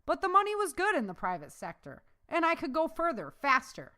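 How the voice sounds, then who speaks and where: A woman's voice: high-pitched, huge pitch swings, a little fast, sharp tone, voice pushed up, heavily acted. A woman voicing a sarcastic, jesting male ex-Marine in a storybook reading. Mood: wry jesting. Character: wry, sarcastic male ex-Marine security man.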